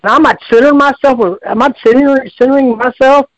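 A man's voice: extremely high pitch, fast talker, dry recording, highs cut off. A man calling in to a radio show, telling a long story in a rambling, folksy way with many restarts. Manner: folksy, repetitive, lots of restarts.

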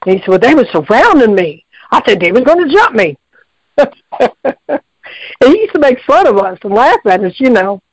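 A man's voice: very high voice, very animated, normal speed, long pauses, no echo, lo-fi sound. A man calling in to a radio show, telling a long story in a rambling, folksy way with many restarts. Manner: folksy, repetitive, lots of restarts.

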